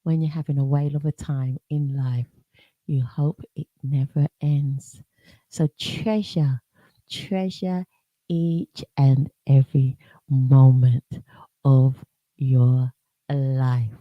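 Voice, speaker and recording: Unhurried giggly woman radio host. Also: extremely low pitch, fairly even intonation, no echo, dull audio. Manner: chatty, giggly and playful. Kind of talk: casual radio presenting.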